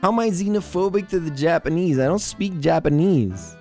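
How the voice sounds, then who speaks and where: A man's voice: a little high, normal speed, dark tone, faint music behind. A man streaming a game and chatting casually between lines, joking and swearing freely. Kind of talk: let's-play commentary.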